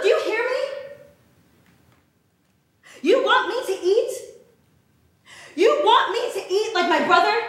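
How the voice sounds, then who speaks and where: A woman's voice: very high voice, pushed and bright, exaggerated voice. A woman playing an anguished, frantic young woman. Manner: cries out in frantic bursts. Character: anguished young woman haunted by her dying brother. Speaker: actor in staged play reading. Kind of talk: live staged play reading. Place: theatre stage before an audience. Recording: echoey live auditorium recording.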